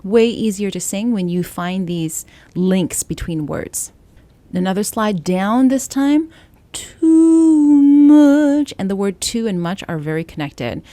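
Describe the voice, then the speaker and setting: A woman voice coach teaching a song, explaining calmly and singing short example lines. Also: lowish voice, unhurried, dry recording. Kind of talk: singing lesson.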